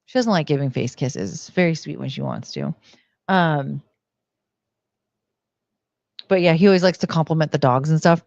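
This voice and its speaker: A woman's voice: low voice, normal speed, gravelly, pauses often, darkish tone, dry recording, highs cut off. A woman streaming from home into a desk mic, chatting casually and rambling with lots of "like" and "um". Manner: rambling, heavy use of "like" and "um". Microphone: desk microphone.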